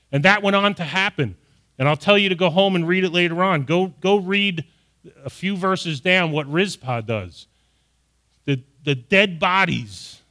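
A middle-aged male pastor with a bright, forceful voice that sits a little high for a man. He reads scripture aloud and then preaches on it, pressing his points with growing emphasis. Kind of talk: sermon.

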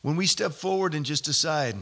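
A man preaching a sermon, telling a story with lively energy and acting out the people he quotes. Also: a little high, a little fast. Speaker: pastor.

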